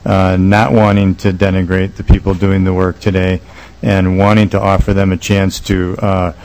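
A male state legislator speaking at a committee hearing, earnest and measured, halting with many fillers as he proposes an amendment. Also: deep voice, level tone, a little mellow, rough recording.

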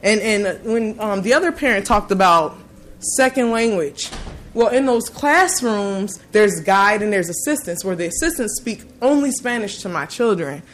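A woman in her thirties speaks as a parent giving testimony. Her pitch sits mid-range for a woman, and her delivery is earnest and animated, full of restarts. Faint noise sits under her voice. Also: normal speed. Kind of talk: personal testimony.

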